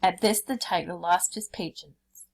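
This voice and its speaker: A woman teacher reading a folk tale aloud for a lesson, in a clear storybook manner. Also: lowish voice, steady tone, unhurried.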